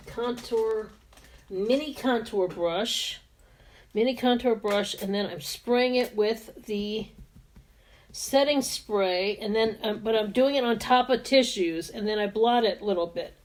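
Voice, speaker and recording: A woman's voice: mid-range voice, darkish tone. A woman in her fifties chatting casually and laughing often while she does her makeup on camera. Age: 50s. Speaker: beauty vlogger and sales representative.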